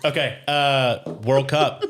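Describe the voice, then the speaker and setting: A man's voice: medium pitch, fairly even intonation, slow, fairly bright tone. A man from the United States co-hosting a podcast in casual chat, easygoing and rambling with fillers. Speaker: podcast co-host.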